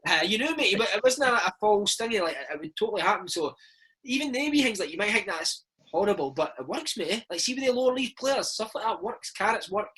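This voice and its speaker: A Scottish man in his thirties, a former footballer telling stories in a casual interview, animated and peppering his talk with "mate". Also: sits high, a little fast, slight background noise, rough recording. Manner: animated, chatty, keeps saying mate. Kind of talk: casual storytelling chat.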